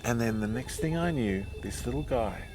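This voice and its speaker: A man telling a personal story in a monologue, often halting and repeating himself. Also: medium pitch, expressive, noisy background. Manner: halting, repeats words and restarts sentences.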